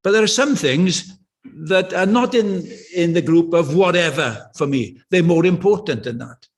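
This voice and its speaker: Older man preaching, high voice. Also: expressive, measured pace. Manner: conversational, anecdotal, with passionate swells. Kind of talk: sermon. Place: church.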